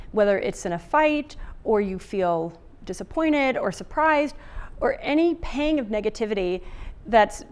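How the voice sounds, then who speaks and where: Chatty woman giving a relationship talk. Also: medium pitch. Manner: chatty, many fillers and restarts. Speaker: relationship author and speaker. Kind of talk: summit talk, casual and conversational.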